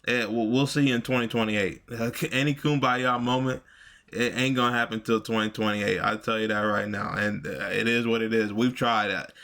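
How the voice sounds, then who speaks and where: Male commentary host, low voice, rambling, profane, filler-heavy, casual. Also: steady tone, normal speed, gravelly, bright, forceful tone.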